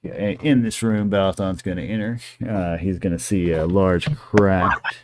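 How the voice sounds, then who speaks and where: A man with a very low voice runs a tabletop game as dungeon master. He talks in a loose, rambling way, full of fillers and casual swearing. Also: steady tone, measured pace.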